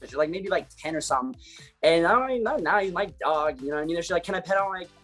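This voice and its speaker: Man, husky voice, easygoing and chatty on a video call, faint music bed. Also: on the high side, racing. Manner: animated, chatty, lots of fillers and slang. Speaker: actor interviewed about his career. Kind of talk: casual interview chat.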